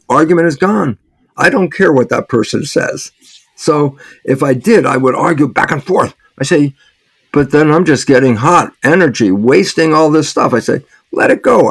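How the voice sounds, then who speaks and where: Gravelly man, dry close sound. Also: mid-range voice, no echo. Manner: acts out quoted exchanges, chuckles often. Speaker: interview guest, author. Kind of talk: conversational interview answer.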